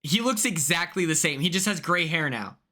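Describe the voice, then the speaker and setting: Young male streamer, chatty, excitable, bright tone. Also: a little high, brisk. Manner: chatty and excitable, laughing often. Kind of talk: casual chat stream.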